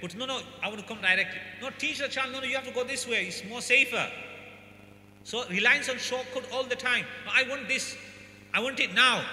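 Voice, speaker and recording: An Islamic scholar with a high, sharp voice gives an emphatic sermon-style talk to a congregation, repeating his points and acting out parents and children. The recording is from an echoey hall with a faint hum.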